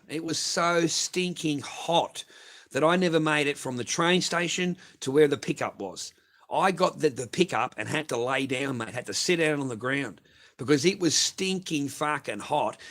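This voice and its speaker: A middle-aged man with an Australian accent runs a casual livestream, reading viewers' messages and replying in a rambling, profane, blunt style. His voice sits on the high side and sounds a bit bright.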